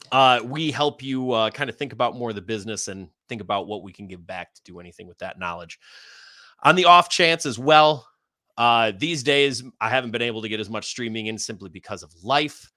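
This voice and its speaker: Bright, upbeat man plugging his shows. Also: medium pitch, no echo, studio quality. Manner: upbeat, rambling plugs with laughs. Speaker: podcast co-host and wrestler. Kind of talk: casual livestream chat.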